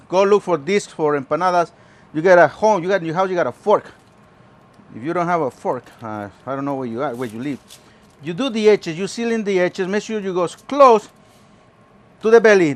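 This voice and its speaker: A man hosting a home cooking show, chatting playfully through each step. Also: sits high. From Mexico. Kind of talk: casual cooking demonstration.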